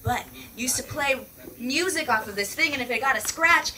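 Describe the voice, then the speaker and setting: A woman's voice: high voice, expressive, normal speed, sharp tone. A woman teaching a lesson to children, exuberant and exclamatory, calling the kids her people. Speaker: peace educator teaching children. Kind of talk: enthusiastic classroom lesson. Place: outdoor class. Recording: distant mic outdoors with background noise.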